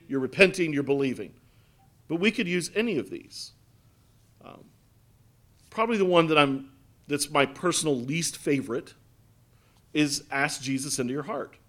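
A pastor delivers a sermon in an earnest, emphatic way, a man whose voice sits a little high. He presses his points home by repeating phrases. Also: a bit bright.

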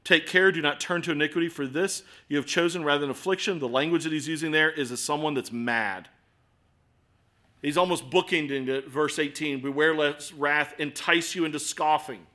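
A man in his forties preaching a sermon in a conversational, self-deprecating way, with swings between loud and soft. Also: on the high side, normal speed. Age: 40s. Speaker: pastor.

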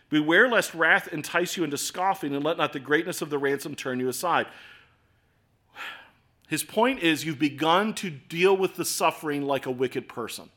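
A man in his forties preaching a sermon in a conversational, self-deprecating way, with swings between loud and soft. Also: on the high side, normal speed. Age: 40s. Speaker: pastor.

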